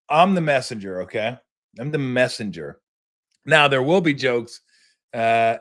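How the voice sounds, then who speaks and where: A man hosting his own sports podcast, telling a story in a casual, animated way, laughing now and then and restarting sentences with plenty of fillers. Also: mid-range voice. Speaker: podcast host.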